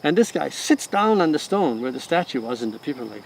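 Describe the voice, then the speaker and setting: A man's voice: a little high, quick pace, gravelly, a little hiss or hum. A middle-aged man who directs a wellness center, telling stories in conversation and acting out the voices of the people in them. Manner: animated storyteller who acts out quoted voices. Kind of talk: conversational storytelling.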